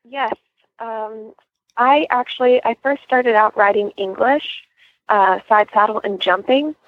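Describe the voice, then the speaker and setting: A teenage girl calls in as a radio guest from a school library, answering politely with small hesitations. Her voice sits a touch high, and it comes through a thin, tinny phone line. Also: measured pace, dry recording. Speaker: guest calling in. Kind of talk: phone interview.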